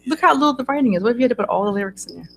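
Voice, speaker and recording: A woman with a raspy voice, a singer-songwriter chatting easygoing as a guest in a radio studio. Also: lively intonation, racing, a bit bright, slight background noise. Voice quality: raspy low voice. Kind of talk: casual radio interview chat.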